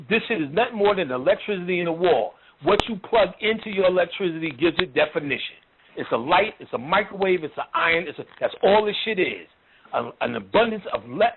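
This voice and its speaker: Man, high voice, blunt mocking lecture, heavy profanity, tinny phone-like sound. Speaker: lecturer on occult and spiritual topics. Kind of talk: profane, ranting spiritual lecture. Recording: tinny phone-like line with faint noise.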